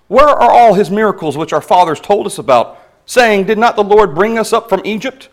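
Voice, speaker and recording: Man, preacher, high-pitched, earnest measured sermon, reads scripture with emphasis.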